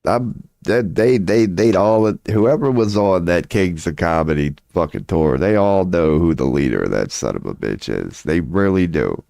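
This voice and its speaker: A man streaming live, rambling excitably in a casual, profane rant about comedians. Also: deep voice, normal speed, creaky, no echo, studio quality. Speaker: streamer offering tarot readings.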